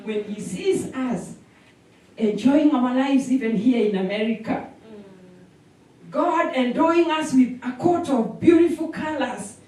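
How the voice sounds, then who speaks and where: A woman preaching a sermon, animated, with repetition and call-and-response. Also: high-pitched, a little slow. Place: church sanctuary. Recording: echoey hall from a distance.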